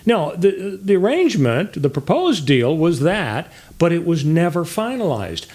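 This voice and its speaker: A wry man co-hosts a legal podcast, his voice slightly high and very animated. He jokes dryly and slips into quoted voices to make a point. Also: measured pace. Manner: wry, joking, acts out quotes. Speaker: podcast co-host, lawyer. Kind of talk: casual legal discussion.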